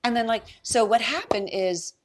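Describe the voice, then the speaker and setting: A woman real estate agent chatting as a podcast guest, telling a story with lively acted-out quotes. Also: on the high side, moderate pace. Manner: animated storyteller, acts out quoted voices. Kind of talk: casual podcast chat.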